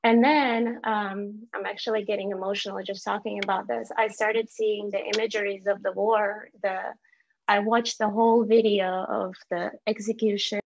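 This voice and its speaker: A woman in her thirties from Azerbaijan joins an online meeting, speaking candidly and earnestly and often searching for words. Her mid-range voice has little pitch movement, a moderate pace and vocal fry, heard through lo-fi video call audio.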